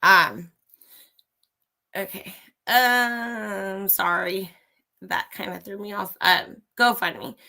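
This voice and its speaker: A woman's voice: mid-range voice, extremely slow, gravelly, pauses often, pushed and bright. A woman hosting a livestream, giving a blunt, profane opinion rant straight to her viewers. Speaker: livestream host. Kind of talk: ranting live commentary.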